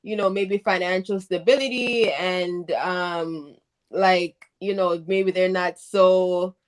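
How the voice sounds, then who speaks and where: A woman's voice: lowish voice, fairly even intonation, slow. Curious, agreeable woman chatting. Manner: curious, agreeable, asks follow-up questions. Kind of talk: casual chat.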